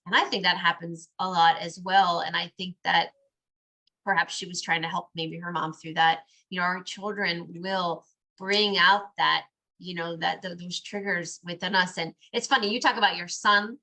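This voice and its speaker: A woman hosting a podcast, talking earnestly in casual conversation and turning animated when she quotes children. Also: on the low side, moderate pace. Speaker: podcast host.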